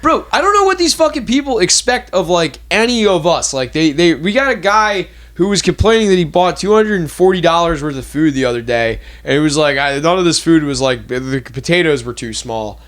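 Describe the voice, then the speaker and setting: A man's voice: fairly high pitch, lively intonation. A young man, hosting a podcast and ranting loosely with lots of fillers and swearing. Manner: rambling, profane, fast ranting with many fillers. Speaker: podcast host. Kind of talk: casual chat.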